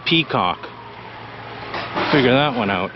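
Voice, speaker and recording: A man's voice: mid-range voice, measured pace, muffled recording, background noise. Profane, blunt man vlogging outdoors. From British Columbia, Canada. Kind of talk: casual walking vlog. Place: outdoors by a city beach.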